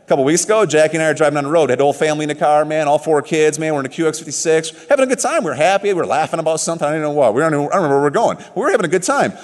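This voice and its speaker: Higher-voiced man speaking in a reverberant hall. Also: racing, hardly any pauses. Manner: animated, emphatic storytelling. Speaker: motivational speaker at a business event. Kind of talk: motivational stage speech. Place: large event hall.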